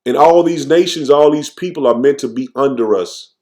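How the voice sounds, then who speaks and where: Mellow-voiced man preaching casually. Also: medium pitch. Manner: tags nearly every phrase with "man"; reads scripture slowly, stumbling and restarting. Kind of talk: informal scripture teaching.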